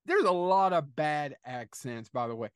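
A man hosting a podcast in casual chat, excitable and jokey, swinging between loud bursts and quieter asides. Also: on the high side, moderate pace, clean tone, no room sound, studio quality. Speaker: podcast host.

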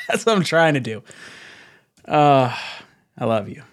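A young man hosting a casual fan livestream, excitable, laughing often and reading chat messages aloud. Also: mid-range voice, measured pace, pauses often. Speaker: livestream host.

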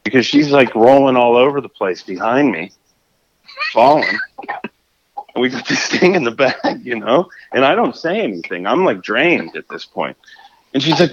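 A man telling a fishing story in a casual, animated way, often restarting his sentences. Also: mid-range voice, normal speed, long pauses, highs cut off, noisy background. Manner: animated, acts out his own shouts and scrambles with restarts.

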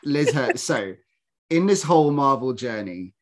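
A man co-hosting a podcast in casual, animated chat, mocking people with impressions. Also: mid-range voice, normal speed. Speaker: podcast co-host.

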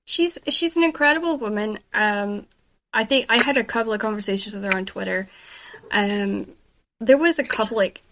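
A woman's voice: medium pitch, moderate pace, background noise. A Scottish woman and author hosting a casual interview, chatty and enthusiastic as she tells stories about her writing life. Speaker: host and author.

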